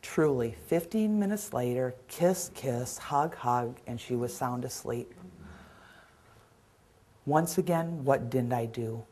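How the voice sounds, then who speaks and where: A middle-aged woman giving a caregiving seminar, telling stories from her work in an earnest, animated way. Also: a bass voice, slow pace, slightly rough. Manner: earnest, storytelling, acts out scenes. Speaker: dementia caregiving trainer. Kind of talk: seminar storytelling.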